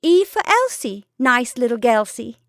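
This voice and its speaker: A teasing young wife with a lilting, sing-song voice that climbs high on every exclamation, as a woman reading the story puts her on. She sounds coy and bright, close and dry on the mic. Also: expressive, a little slow, no room sound.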